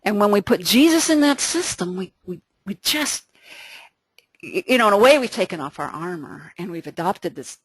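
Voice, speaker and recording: A woman leading a casual Bible study talk, conversational and lively, with frequent restarts. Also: mid-range voice, moderate pace, husky, no echo.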